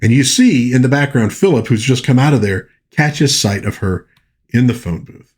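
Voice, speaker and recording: A man reviewing an old film, retelling its plot in a chatty, animated way with frequent restarts. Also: medium pitch, normal speed, husky. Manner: chatty, animated, lots of you-knows and restarts. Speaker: movie reviewer.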